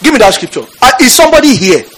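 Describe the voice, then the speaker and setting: This is a man preaching a fiery sermon in church. His voice is high and husky, and it swings widely in pitch. He shouts out scripture and keeps calling on the congregation to answer him. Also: big pitch swings, racing, poor audio.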